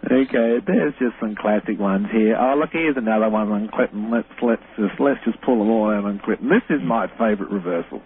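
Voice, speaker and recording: A man's voice: on the low side, fairly quick, hardly any pauses. A male guest on a radio interview who chuckles often while explaining and cueing up clips. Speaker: guest researcher. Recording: tinny phone line with faint hiss.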